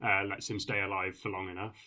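A man's voice: sits low, level tone, fast talker, pushed and bright. A man co-hosting a podcast, agreeing often and explaining points at length in casual chat. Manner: agreeable, explanatory, many yeahs. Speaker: podcast co-host. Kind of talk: casual chat reviewing a TV episode.

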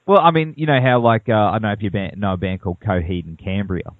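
A man's voice: lowish voice, quick pace, dry recording. A man interviewing a guest in a chatty, fan-like way, using casual slang. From Australia. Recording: tinny phone line.

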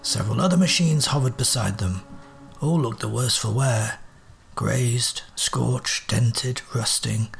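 A man's voice: medium pitch, measured pace, gravelly, faint music behind. A man playing a dry, sardonic detective. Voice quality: dry, clipped, precise Victorian diction. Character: aloof, sardonic male detective, cool and precise.

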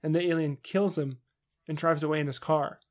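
A man co-hosting a podcast in loose, casual chat. He rants with animated energy and jumps into funny voices when quoting characters. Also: on the high side, brisk. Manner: animated ranting, acts out quotes in funny voices. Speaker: podcast co-host.

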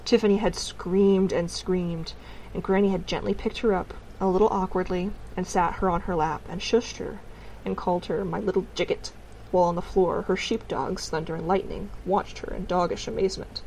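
A woman narrating a storybook in a calm, gently wry telling. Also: on the low side, normal speed, slight background noise, poor audio. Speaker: audiobook narrator.

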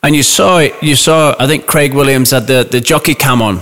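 A man chatting casually as a podcast co-host about horse racing, lively and often restarting his phrases. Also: mid-range voice, a little fast. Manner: animated, restarts phrases, talks over others. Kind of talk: casual sports banter. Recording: long reverb.

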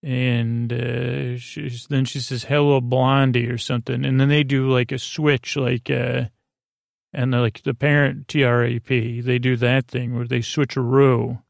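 A man hosting a bedtime podcast, recapping a TV episode in a meandering way, halting often with fillers. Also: medium pitch, little pitch movement, creaky, no echo, clean studio sound. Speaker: podcast host.

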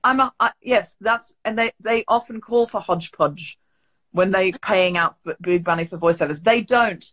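Woman host, accent somewhere between British and Australian, bright and crisp, casual interviewer. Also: mid-range voice, moderate pace. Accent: mix of British and Australian. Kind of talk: casual chat over a live video call. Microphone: video call.

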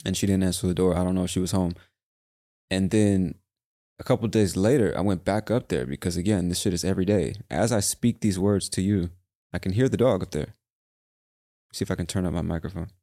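Speaking briskly in a deep, warm voice, a young man hosts his podcast alone, ranting profanely and wandering from point to point. The studio sound is clean with no room reverb.

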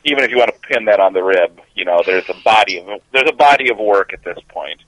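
A man's voice: fairly low pitch, expressive, quick pace, a bit bright, no echo, poor audio. A man co-hosting a podcast, chatting about sports with dry, sardonic humor. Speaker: podcast co-host. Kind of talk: casual sports chat.

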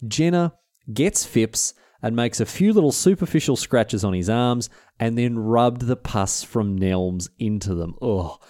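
Jokey podcast host. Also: male voice, medium pitch, lively intonation, unhurried, mellow, dry recording, studio quality. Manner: slangy, jokey, rambling. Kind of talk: casual history storytelling.

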